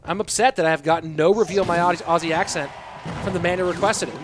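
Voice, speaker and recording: High-voiced male esports caster. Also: fairly even intonation, quick pace. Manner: casual, joking banter with chat. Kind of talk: live stream game commentary. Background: music.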